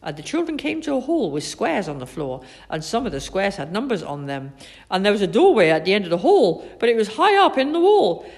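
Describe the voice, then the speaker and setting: A woman reads a children's storybook aloud with expressive, animated storytelling. Her pitch rises and falls a great deal. Her voice sits in the middle of a woman's range. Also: brisk. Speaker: narrator.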